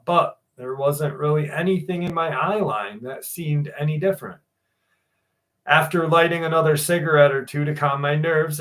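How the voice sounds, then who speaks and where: A man in his forties with a slightly higher-than-average voice hosts a livestream. His talk is loose and sprinkled with swearing. He reads viewer stories aloud in the same easygoing way. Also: fairly bright tone. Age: 40s. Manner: loose and profane, greets viewers by name. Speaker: livestream host. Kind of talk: casual livestream chat and reading listener stories aloud.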